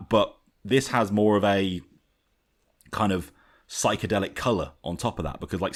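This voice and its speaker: A man with a fairly low voice talks through an album on a podcast. His delivery is casual and animated, full of fillers and quick restarts, like chatting with friends. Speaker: podcast host. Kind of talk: casual album review chat.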